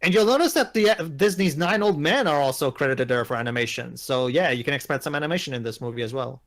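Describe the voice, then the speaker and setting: A man's voice: fairly high pitch, animated, quick pace, a bit bright. A man hosting a casual group movie commentary, rambling and steering the others through the film. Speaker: commentary host.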